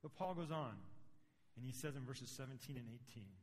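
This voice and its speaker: A man's voice: medium pitch, expressive, a little fast, darkish tone. A middle-aged man preaching a sermon as pastor, conversational and building to emphatic points. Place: church sanctuary. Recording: long reverb of a large hall.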